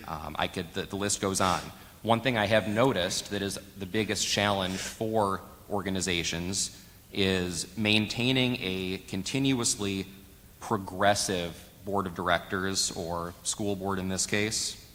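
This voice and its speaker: A man with a very low voice speaks as a school board candidate, weighing his words and then pressing his points through repetition. His voice carries a long reverb from a large hall. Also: fairly bright tone. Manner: measured, emphatic with repeated phrases. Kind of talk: forum answer.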